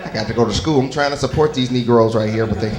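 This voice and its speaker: A man's voice: medium pitch, fast. Loose-talking comedian man in an echoey club. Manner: loose, conversational, crowd work with asides. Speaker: stand-up comedian. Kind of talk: stand-up comedy set.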